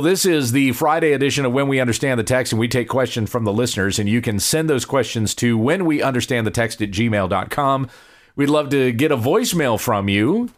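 A man from the Southern United States, a pastor hosting a listener-questions podcast in an easygoing, teaching-meets-banter manner. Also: mid-range voice. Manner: easygoing, chuckles often, shifts from teaching to banter. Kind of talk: relaxed Q&A podcast chat.

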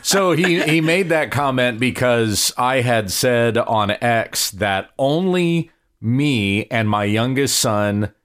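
A man's voice: mid-range voice, lively intonation, takes it slowly, a bit bright. A man from the Southern United States, a pastor hosting a listener-questions podcast in an easygoing, teaching-meets-banter manner. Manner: easygoing, chuckles often, shifts from teaching to banter. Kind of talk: relaxed Q&A podcast chat.

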